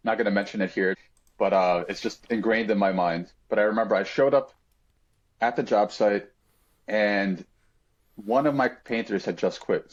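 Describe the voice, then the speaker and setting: Guy with a low-ish voice telling a personal story on a podcast, earnest, kinda dull lo-fi sound. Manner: reflective, earnest, with frequent fillers.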